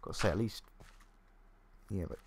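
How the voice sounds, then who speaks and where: A young gaming YouTuber gives casual gameplay commentary, thinking aloud and making fun of himself at a normal speed. Faint keyboard clicks and a slight hiss or hum can be heard.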